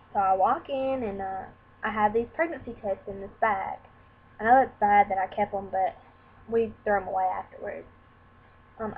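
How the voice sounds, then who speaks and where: A woman's voice: mid-range voice, breathy edge. A young woman tells a personal story to camera in a candid, rambling way, acting out what others said. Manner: candid, rambling, acts out quoted dialogue. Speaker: vlogger. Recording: tinny lo-fi sound with faint hiss.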